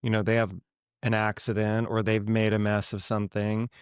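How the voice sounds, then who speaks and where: A middle-aged man co-hosting a parenting podcast, speaking calmly in a casual conversation. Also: on the low side, moderate pace, clear, resonant tone, no room sound, studio quality. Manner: calm, brief affirmations.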